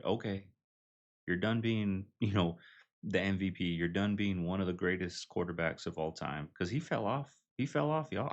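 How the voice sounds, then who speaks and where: A man's voice: deep voice, dull audio. A man hosting a reaction video, commenting casually and calling his viewers y'all. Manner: chatty, addresses viewers as y'all.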